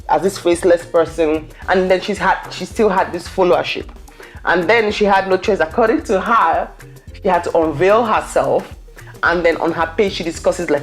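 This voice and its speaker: A woman introduces her guest in a voice-over, earnest and reflective, with a very low voice. Faint music runs underneath. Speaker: host in voice-over.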